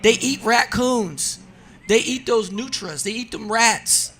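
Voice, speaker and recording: Animated, bright-voiced man telling stories. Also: very high-pitched, slow pace, slight background noise. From New Jersey. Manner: animated, laughing storyteller. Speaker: guest, drag racer. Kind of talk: casual radio interview storytelling.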